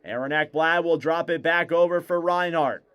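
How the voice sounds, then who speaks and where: Smooth, higher-voiced male hockey commentator. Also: fairly bright tone. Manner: rapid clipped play calls, rising on shots. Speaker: play-by-play commentator. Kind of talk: live hockey play-by-play.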